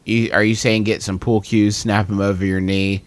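A man's voice: on the low side, little pitch movement, moderate pace, no echo. A man co-hosting a comedy podcast, reading questions and joking in a playful, mock-formal way. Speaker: podcast co-host. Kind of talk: casual comedic chat.

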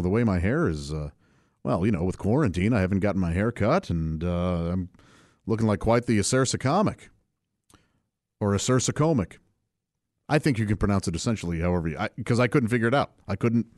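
A man's voice: mid-range voice, no room sound, clean studio sound. A man hosting a casual solo podcast, chatty and rambling and laughing often. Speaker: podcast host.

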